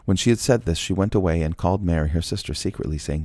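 A man's voice: low voice, fast, few pauses, warm tone, dry recording. A man reading scripture aloud and breaking off for casual, joking asides. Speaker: Bible reader.

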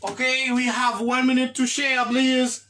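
A woman leads an English lesson, speaking slowly with a bright, slightly high voice. She repeats key words again and again and keeps checking that her students have understood. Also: level tone, a little hiss or hum. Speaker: English teacher.

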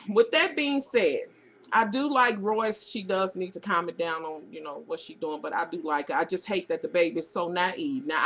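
A woman's voice: on the low side, fairly bright tone. A middle-aged woman with a Southern US accent, ranting bluntly and profanely about reality TV on a webcam. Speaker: vlogger. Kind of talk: casual reality TV rant.

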